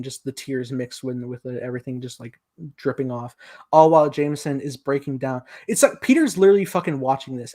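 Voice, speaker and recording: A man's voice: mid-range voice, a little mellow. A young man co-hosting a casual film review podcast, animatedly retelling scenes and acting out quoted lines. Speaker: podcast co-host.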